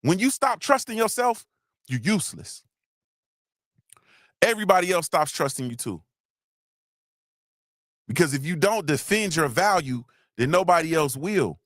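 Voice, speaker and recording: A man's voice: very animated, measured pace, long pauses, dry recording, clean studio sound. A middle-aged man hosting a live motivational talk, repeating himself and growing emotional. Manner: repetitive, preachy, shouts out viewers; gets emotional, voice drops low.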